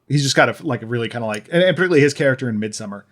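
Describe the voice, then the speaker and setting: A man co-hosting a podcast in casual chat, rambling and sardonic, his talk full of fillers and false starts. His voice sits at an ordinary middle pitch. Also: expressive, very fast. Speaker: podcast co-host.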